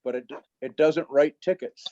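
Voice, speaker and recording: Blunt police officer, dry muffled call audio. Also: male voice, on the high side, normal speed, dark tone, dry recording. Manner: blunt, firm, matter-of-fact. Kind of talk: remote council meeting report.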